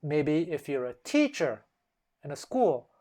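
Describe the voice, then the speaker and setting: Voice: medium pitch, big pitch swings, unhurried, dark tone. A language-lesson host explaining step by step in a casual way and acting out example phrases in shifting tones.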